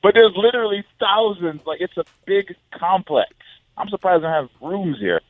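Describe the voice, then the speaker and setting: A man's voice: high-pitched, expressive, moderate pace, no echo, narrow, tinny audio. A man speaking as a guest fighter on a podcast, telling stories bluntly and profanely and acting out what people said. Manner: blunt, profane storyteller who acts out quotes. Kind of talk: casual podcast chat.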